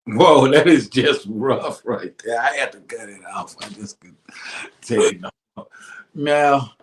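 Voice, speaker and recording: A man's voice: mid-range voice, takes it slowly, slight background noise. A man hosting a casual radio talk show, laughing often and talking in loose slang. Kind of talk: casual chat.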